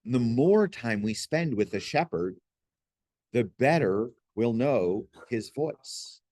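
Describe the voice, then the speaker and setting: A man with a mid-pitched voice gives a spoken faith lesson in an earnest, pastoral way, reaching for homely examples. The sound is dry and close, with no room echo. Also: expressive, slow, darkish tone. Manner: earnest, pastoral, folksy illustrations. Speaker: Christian teacher. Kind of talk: gentle spoken teaching.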